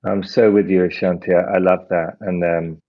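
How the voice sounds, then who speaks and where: A man speaking as a podcast guest, measured and philosophical, slowing down to stress ideas. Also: low voice, little pitch movement. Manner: measured, philosophical, slows down for emphasis. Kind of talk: reflective interview talk. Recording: muffled lo-fi audio.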